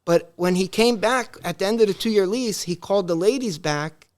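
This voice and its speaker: Brief: man, high voice, animated storyteller on a podcast. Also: moderate pace. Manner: animated, acts out family dialogue. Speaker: podcast guest. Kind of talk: casual storytelling.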